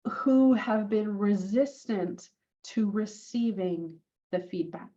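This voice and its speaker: A woman in her forties telling a personal story on her vlog. She is animated and acts out what other people said, using it to coach business owners. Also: medium pitch, slow pace, dull audio. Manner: animated, acts out quoted lines.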